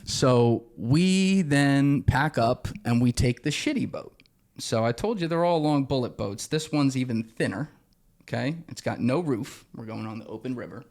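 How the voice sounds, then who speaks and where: A young man spins a travel story as a podcast guest. He talks loosely and with a lot of animation, throws in curse words, and slips into the voices of the people he's quoting. His voice sits at an ordinary middle pitch. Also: moderate pace. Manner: animated, profane, acts out the people he quotes. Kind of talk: casual storytelling.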